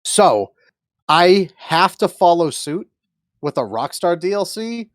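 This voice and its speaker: Emphatic podcast co-host, dry sound. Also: male voice, high-pitched, very animated, slow, no room sound. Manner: emphatic, swears freely. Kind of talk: casual podcast chat.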